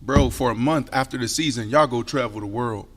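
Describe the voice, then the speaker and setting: A man in his forties, a co-host on a sports talk show, telling stories animatedly and with emphasis, sometimes dropping into a hushed voice. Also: mid-range voice, brisk, slightly rough, long reverb tail. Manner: animated storyteller, emphatic, drops into a hushed voice to tell a story. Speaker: co-host and former football player.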